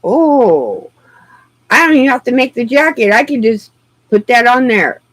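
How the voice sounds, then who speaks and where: A woman streaming live, chatting casually in an excitable, rambling way and laughing easily. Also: fairly high pitch, a little slow, dry recording, poor audio.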